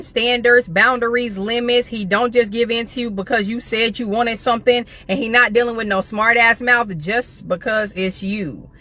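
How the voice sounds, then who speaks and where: A woman's voice: on the high side, fairly bright tone. Assertive woman preaching relationship opinions.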